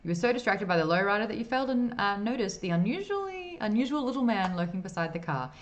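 A woman's voice: mid-range voice, sing-song, fast, lo-fi sound. A woman streamer in her thirties, playfully reading game dialogue aloud while playing, putting on voices and adding asides.

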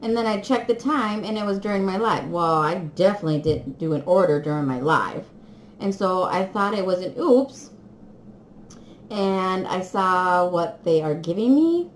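An excitable woman gushes to her viewers in a casual unboxing chat, her pitch swooping up and down as she giggles. She sounds as if she is in an echoey room, with a faint hiss behind her. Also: normal speed. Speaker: crafting vlogger.

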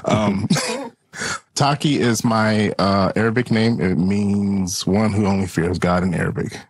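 A man's voice: on the low side, unhurried, breathy edge, no room sound. A man, a guest player, joking playfully through an improvised role-play game.

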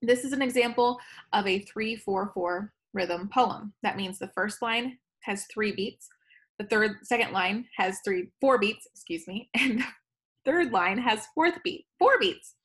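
A woman's voice: mid-range voice, unhurried, a bit bright. A woman teacher talks through a recorded lesson in an easy, conversational tone. She stumbles now and then, corrects herself, and keeps going. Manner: chatty, self-correcting, laughs at own slips.

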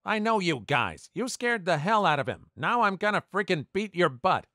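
A man voicing a threatening teenage boy bully who shouts at a younger kid. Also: a little high, expressive, moderate pace, no echo, studio quality, pitched above the performer's own voice. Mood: menacing. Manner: menacing, shouting.

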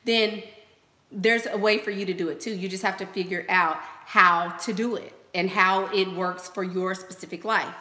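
A woman's voice: mid-range voice, fairly even intonation, moderate pace, sharp tone, roomy sound. A woman hosting a casual livestream, giving advice in a chatty way, repeating phrases and using lots of fillers. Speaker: host.

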